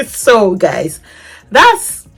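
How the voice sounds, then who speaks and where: A young woman tells her own story to camera in a loose, chatty way, her voice leaping up and dropping low. It sounds a little husky, and faint music plays behind her. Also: drawn-out words. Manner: animated, laughing, swings between loud outbursts and soft asides. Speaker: vlogger.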